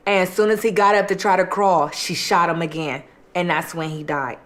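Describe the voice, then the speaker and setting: Speaking at normal speed with hardly any pauses, this woman has a medium-pitched, steady, fairly bright voice. She's hosting a mukbang and chattily recounting a true-crime case over her food, peppering it with "like" and performed quotes.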